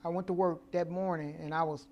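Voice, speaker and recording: A comedian in his fifties telling stories in a casual interview, lively and profane. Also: a little high, fairly quick. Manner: animated, profane storyteller. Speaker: comedian guest.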